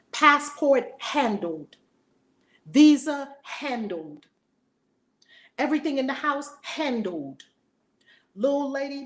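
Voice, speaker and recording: A woman in her forties teaching a spiritual lesson in a fiery, preacher-like way, acting out voices. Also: a little high. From United States.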